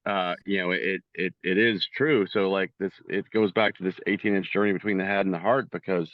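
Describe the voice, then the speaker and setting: A man hosting a songwriting circle over a video call, talking reflectively in a halting way with lots of restarts. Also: sits low, steady tone, no echo. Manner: halting, many restarts and fillers. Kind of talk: reflective casual talk. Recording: dry, dull lo-fi call audio.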